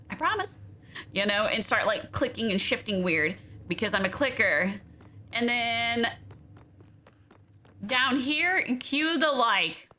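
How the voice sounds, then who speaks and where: Bright, chatty woman streamer. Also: mid-range voice. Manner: chatty, playful, exclaims over her build. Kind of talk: casual gameplay commentary.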